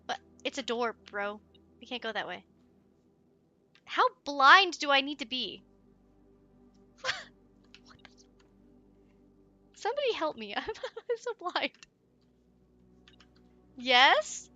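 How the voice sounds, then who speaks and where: A woman playing through a video game with excitable, giggly commentary. She sits high in her range with a bright, sharp tone. She gasps and coos at the in-game pets and chats freely to her viewers. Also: slow, long pauses, dry recording, soft background music. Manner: excitable and giggly, gasping and cooing. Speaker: let's play streamer. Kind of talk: let's play commentary.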